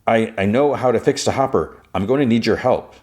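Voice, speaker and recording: A man doing a blunt deadpan robot. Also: lowish voice, fairly quick, voice pushed up, lightly acted. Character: calm blunt male security robot.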